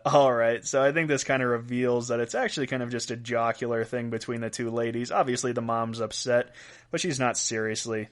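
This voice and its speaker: A man's voice: mid-range voice, fairly even intonation, brisk. A young adult man hosting a casual weird-news podcast, reading quotes aloud and chuckling between stories. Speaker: podcast host.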